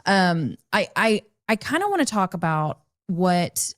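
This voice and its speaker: A woman co-hosting a podcast with her husband, talking in an animated way that turns exasperated and breaks into laughs. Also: fairly low pitch, a little slow, dry recording, studio quality. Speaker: podcast co-host, spouse of a man in recovery. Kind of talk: conversational podcast talk.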